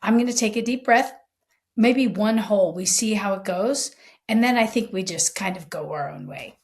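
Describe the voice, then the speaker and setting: A woman's voice: mid-range voice, normal speed. A middle-aged woman, a former police chief co-hosting a podcast, tells a story in casual chat, acting out the lines of the people in it and swearing freely. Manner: animated storyteller, acting out quoted lines, frank and profane.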